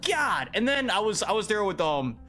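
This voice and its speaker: A young man, a podcast guest, telling a story in casual chat, animated and exasperated, often repeating himself. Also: high voice, a little fast, faint music behind.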